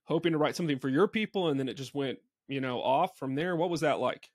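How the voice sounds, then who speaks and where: A man's voice: a little high, fast talker, no room sound, studio quality. A man who hosts a podcast and is a pastor, chatting casually. He tells stories wryly and acts out the reactions he quotes. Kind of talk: casual conversation.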